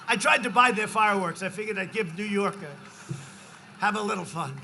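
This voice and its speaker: Man speaking at a large outdoor rally, high voice, very bright and forceful, repeats himself, bursts into shouts. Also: normal speed, vocal fry, a little hiss or hum. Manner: rambling and repetitive, often rising to shouts. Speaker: politician at a campaign rally. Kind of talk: campaign rally speech.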